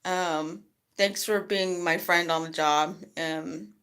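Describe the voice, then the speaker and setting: A middle-aged woman talking casually to camera in a vlog, chatty and rambling, and she jumps her voice up high when quoting other people. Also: fairly even intonation, slow pace, fairly bright tone, clean tone. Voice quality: rambling, chatty, lots of "you know". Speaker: vlogger.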